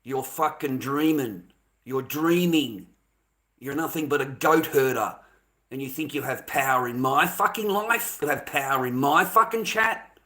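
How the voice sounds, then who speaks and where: A man's voice: mid-range voice, a little slow, sharp tone. A man, a streamer, angrily ranting and taunting a viewer with heavy swearing. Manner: aggressive, taunting, profane. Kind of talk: angry rant at a viewer.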